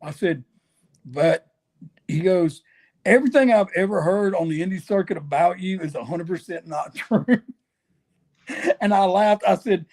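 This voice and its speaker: A man, a wrestler guest telling animated stories and acting out what people said. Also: high voice, moderate pace, long pauses. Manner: folksy, animated storyteller who acts out quotes. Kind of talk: storytelling interview.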